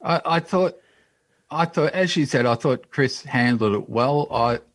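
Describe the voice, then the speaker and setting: A man co-hosting a podcast, chatting casually about a reality show in a measured, slightly hesitant way. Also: mid-range voice, dry recording. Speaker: podcast co-host. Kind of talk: casual chat.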